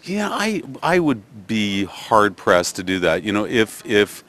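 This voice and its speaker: A man's voice: on the low side, very animated, takes it slowly, fairly bright tone. An older man with a Canadian accent, a theatre director answering interview questions thoughtfully, with many restarts and fillers. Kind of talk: press interview.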